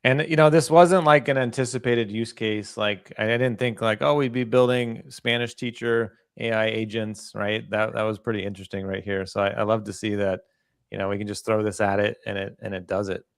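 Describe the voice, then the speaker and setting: Male demo host, casual and chatty, gravelly yet smooth voice. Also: on the low side, brisk, dry recording, clean studio sound. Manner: relaxed, chatty, many fillers. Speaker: host presenting a product demo. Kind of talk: casual live demo talk.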